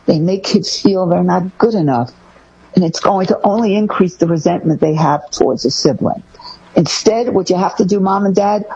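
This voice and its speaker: Animated husky woman giving parenting tips. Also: on the low side, highs cut off. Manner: animated, acts out parent phrases. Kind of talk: casual podcast talk.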